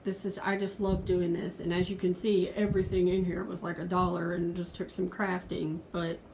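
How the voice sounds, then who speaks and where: A woman's voice: fairly low pitch, level tone, normal speed, darkish tone, a little hiss or hum, poor audio. A woman in her forties talking earnestly in a casual home video from her pet room, pleading with viewers at points. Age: 40s. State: out of breath. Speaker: pet vlogger.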